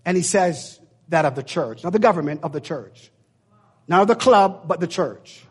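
Husky, high-voiced male preacher. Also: animated, moderate pace. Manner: emphatic, repetitive, preacherly. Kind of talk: sermon.

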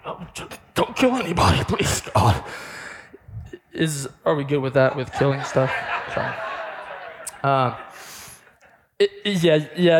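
A young man preaching, telling a lively story to the audience and acting out the other people's voices. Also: a little high. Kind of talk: sermon.

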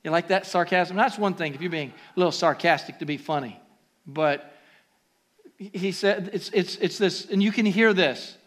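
A man preaching a sermon as pastor, swinging from quiet, conversational asides to loud, rising exhortations. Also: sits high, moderate pace.

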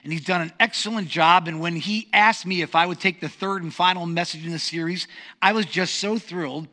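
A middle-aged man preaching a sermon as pastor, telling stories in an animated, self-deprecating way. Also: high-pitched, a little fast. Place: church sanctuary.

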